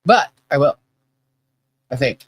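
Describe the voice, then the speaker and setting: A woman hosting a live podcast stream and reading the chat, chatty and halting, laughing often. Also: a bass voice, animated, slightly rough, no echo, low-quality recording.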